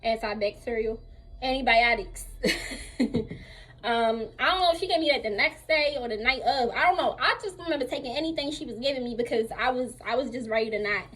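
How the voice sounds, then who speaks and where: A young woman, telling a lively storytime about her surgery recovery at home while still a little sore. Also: on the high side, slightly rough. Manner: chatty, animated retelling with acted-out quotes. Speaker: vlogger. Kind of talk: casual storytime while getting dressed.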